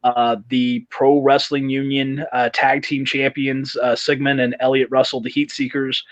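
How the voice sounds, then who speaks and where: A man's voice: medium pitch, little pitch movement, normal speed, no echo. A man speaking as a guest in a casual interview, earnest and hesitant, on a dull lo-fi recording. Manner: earnest, many fillers and restarts. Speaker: event organizer guest.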